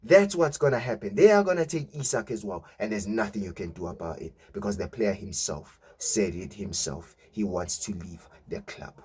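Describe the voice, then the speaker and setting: A man's voice: fairly low pitch, animated, moderate pace, few pauses, a little mellow. A young man, a football fan vlogger giving a mocking, swearing rant and tagging his lines with "yeah?". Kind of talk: ranting fan reaction.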